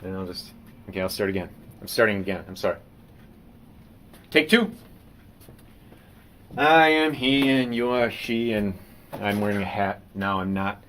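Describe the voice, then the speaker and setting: A man's voice: fairly low pitch, a little slow, long pauses, fairly bright tone, a little hiss or hum. A man, a painter, rambling through a live-stream monologue at his desk, theatrical and self-mocking, breaking into rants and reading aloud.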